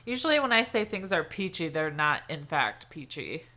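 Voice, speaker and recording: A woman co-hosting a podcast in casual chat, with a dry, sarcastic humor and a habit of laughing and filling pauses. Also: low-pitched, very animated, crowd noise. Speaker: podcast co-host. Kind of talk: casual chat over drinks.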